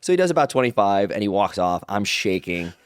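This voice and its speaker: A man telling stories as an interview guest, animated and rambling, acting out other people's lines in his own voice. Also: on the low side, a little fast, clear, resonant tone, dry recording, clean studio sound. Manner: rambling with restarts and "like". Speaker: guest, pro wrestler. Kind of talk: casual interview storytelling.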